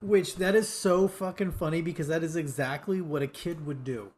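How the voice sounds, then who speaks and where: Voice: mid-range voice, normal speed, darkish tone, husky. A podcast co-host chatting casually, telling stories in a laid-back, slangy way. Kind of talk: casual chat.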